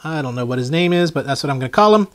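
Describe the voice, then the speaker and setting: A man's voice: fairly high pitch, animated, racing. A man giving a casual toy unboxing review, chatty and rambling, easily sidetracked.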